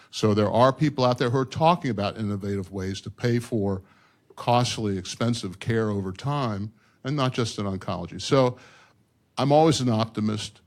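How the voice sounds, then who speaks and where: An older man speaks on a discussion panel, his voice sitting a little low. He sounds earnest and emphatic, and he often breaks off and restarts his sentences as he builds his point. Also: a little mellow.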